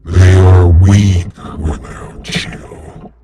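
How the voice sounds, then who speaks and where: A man voicing a tempting demon in a low whisper that is hard to make out, as whispered role-play. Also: fairly even intonation, extremely slow, background noise.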